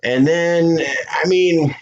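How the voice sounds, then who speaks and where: A man hosting a podcast, chatting casually and telling a profane, animated story. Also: a little high, slow pace, highs cut off, a crowd in the background. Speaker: podcast host.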